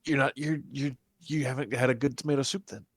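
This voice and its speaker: Young male co-host, animated and playful, mid pitch, very dry room. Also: fast, slightly rough, dry recording. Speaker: podcast co-host. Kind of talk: casual chat, episode review.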